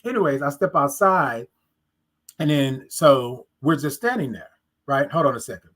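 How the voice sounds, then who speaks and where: Woman host, casual storyteller; animated, acts out the back-and-forth, repeats lines for emphasis, speaks right to her audience. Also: extremely low pitch, normal speed. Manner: animated, acts out both sides of conversations; talks straight to listeners, repeats phrases for emphasis. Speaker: podcast host.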